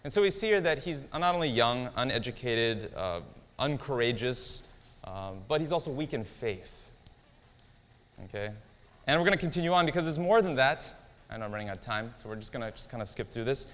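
Man, Bible teacher, casual lesson, asks the group questions, mid-pitched voice, long hall reverb. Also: animated, a little fast, fairly bright tone. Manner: conversational, quizzes listeners with questions.

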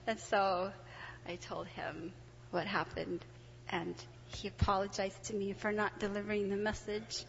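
A middle-aged woman telling a personal story to an audience, animated and excitable, laughing often. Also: mid-range voice, a little slow, vocal fry, a little hiss or hum. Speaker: testimony speaker. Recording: dull, reverberant hall recording.

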